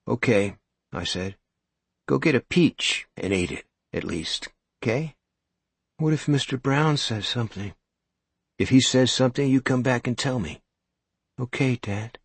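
A man reading a story aloud as narrator, with a measured, suspenseful delivery. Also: lowish voice, slightly rough, no echo. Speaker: audiobook narrator. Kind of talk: scripted narration.

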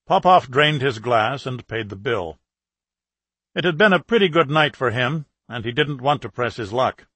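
A man narrating a thriller audiobook in a steady, even manner on a close mic. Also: medium pitch, normal speed, husky, no echo. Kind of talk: scripted narration.

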